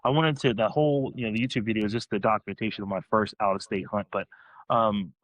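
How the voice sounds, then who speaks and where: A man on a podcast, telling a story in a casual, excited way, rambling, restarting his sentences. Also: fairly low pitch, quick pace, no echo, poor audio.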